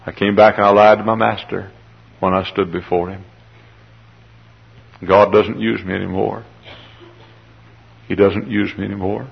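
A remorseful leper who blames himself for his children's sickness, as a preacher voices him. The voice is low and gravelly, with a husky edge. The recording sounds dull and lo-fi. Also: flat delivery, a little slow, long pauses, exaggerated voice. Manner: remorseful first-person lament. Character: grieving leprous male servant, guilt-ridden father.

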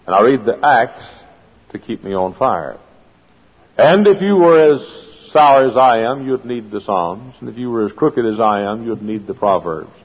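Husky preacher man in a reverberant hall. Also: mid-range voice, expressive, unhurried. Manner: folksy storytelling building to fervent preaching. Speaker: pastor. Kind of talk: sermon. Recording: dull lo-fi sound with long hall reverb.

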